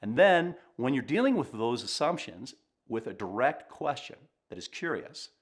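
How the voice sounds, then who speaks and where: A middle-aged man, a communication coach, giving earnest, reflective advice straight to camera in a calm way. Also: mid-range voice, moderate pace, breathy edge.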